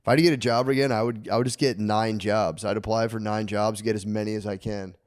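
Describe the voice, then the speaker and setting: A man's voice: on the low side, fairly even intonation, quick pace. A man in his thirties co-hosting a podcast, chatting casually and crudely, joking around and slipping into silly voices. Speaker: podcast co-host. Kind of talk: casual comedic chat.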